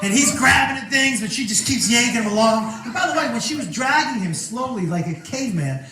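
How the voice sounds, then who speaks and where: A man performing a stand-up comedy set on stage, telling a loud, animated story and shouting punchlines. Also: very high voice, brisk. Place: stage before a live audience. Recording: echoey venue recording from a distance, noisy.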